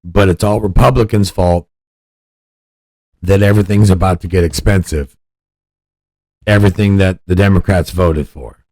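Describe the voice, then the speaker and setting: A man's voice: low voice, steady tone, normal speed, long pauses, dark tone, no echo, studio quality. A man hosting a podcast, giving blunt, profane political commentary in a ranting manner. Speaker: podcast host.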